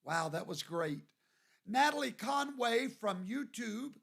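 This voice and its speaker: A man from Louisiana, hosting a livestream and greeting viewers by name in a folksy, drawn-out way. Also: very high voice, animated, creaky, a bit bright. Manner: folksy, drawn-out, reads viewer names aloud. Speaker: show host.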